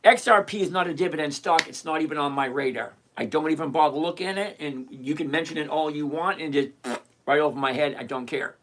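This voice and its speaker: A man's voice: fairly high pitch, fast talker, fairly bright tone, a little hiss or hum. An older retired man hosting a live stream, chatting casually and emphatically as he answers viewers by name. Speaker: livestream host answering viewer questions.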